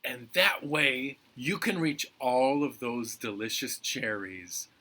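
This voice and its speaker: A man's voice: medium pitch, slow pace, sharp tone. Man voicing a hungry, scheming rolling Head. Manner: chatty, thinking aloud.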